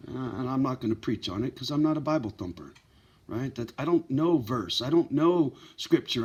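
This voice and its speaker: A man's voice: mid-range voice, animated, moderate pace, darkish tone, breathy edge. A man running a pit bull rescue channel, talking bluntly and emotionally to his viewers in a profane, heartfelt vlog. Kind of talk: candid direct-to-camera vlog.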